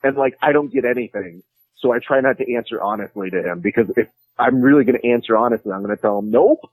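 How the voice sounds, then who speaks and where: A man's voice: medium pitch, fast talker, no echo, low-quality recording. A man guest in a casual interview, joking and rambling with frequent fillers. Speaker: podcast host and jiu-jitsu commentator, guest.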